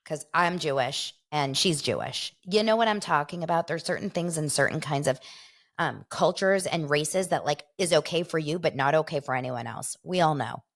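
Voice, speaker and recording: A woman's voice: low-pitched, moderate pace. A woman hosting a casual show, rambling through gossipy commentary and laughing often. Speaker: host.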